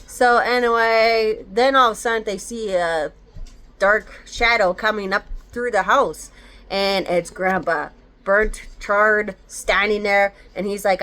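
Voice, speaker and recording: A woman's voice: medium pitch, steady tone, takes it slowly, pushed and bright. A woman casually retelling a horror novel's plot in a rambling way, full of fillers and quoted dialogue. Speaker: book reviewer. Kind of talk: casual book review recap.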